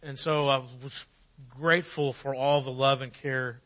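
A man in his forties preaching a sermon as a pastor, telling personal stories and acting out quotes with lively shifts. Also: mid-range voice, a little slow, highs cut off. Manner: storytelling with lively acted quotes.

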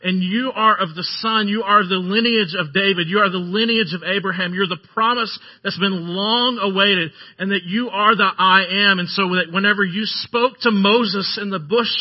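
Male pastor, high voice, earnest emphatic sermon, muffled lo-fi sound. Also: normal speed, few pauses. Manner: earnest, emphatic preaching with repeated phrases. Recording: dull lo-fi sermon recording.

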